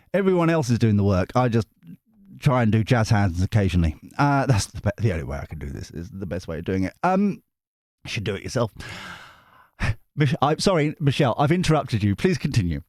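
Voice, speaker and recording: Man, tarot host, casual rambling chat, self-deprecating jokes, lively swooping voice, dry close sound. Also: mid-range voice, no room sound. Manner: self-deprecating, jokey, chatty, many restarts. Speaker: tarot reader and channel host.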